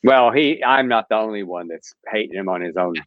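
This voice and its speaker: A man's voice: lowish voice, fairly quick, dry recording. A man co-hosting a casual news chat show, retelling stories in a gossipy way and laughing as he goes. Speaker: podcast co-host. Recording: dull lo-fi sound.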